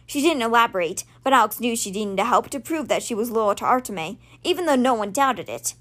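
A woman reading a novel aloud as host of a reading podcast, with steady, lightly expressive storytelling. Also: fairly high pitch, a little fast. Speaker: book reader, podcast host.

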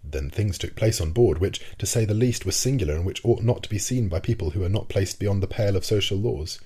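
A man narrating a classic novel in a calm, even storytelling manner. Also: deep voice, a little fast, breathy edge. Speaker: audiobook narrator. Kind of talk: scripted narration.

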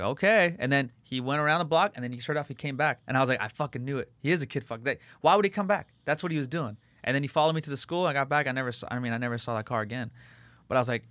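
A fast-talking man hosts a casual podcast chat. He rambles through stories full of curses and fillers. His voice sounds dry and close, with no room sound. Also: medium pitch, fairly bright tone, no echo. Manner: profane, rambling storyteller with many fillers. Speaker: podcast host.

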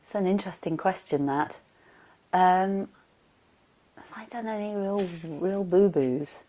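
A woman, a mindfulness teacher, answering interview questions in a chatty, expressive way and telling anecdotes. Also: mid-range voice, a little slow, a little hiss or hum.

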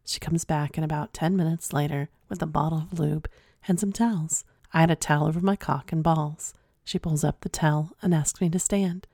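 Low, mellow woman reading frankly. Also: fairly even intonation, brisk, creaky, dry recording, clean studio sound. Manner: frank, drops to an unvoiced whisper at times. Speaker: podcast host reading listener stories. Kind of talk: reading a submitted story aloud, then casual comment.

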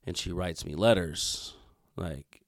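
Man, thirties, very low voice, gravelly, dry close sound, rambling and profane, casual podcast chat. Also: slow, no room sound. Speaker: podcast co-host.

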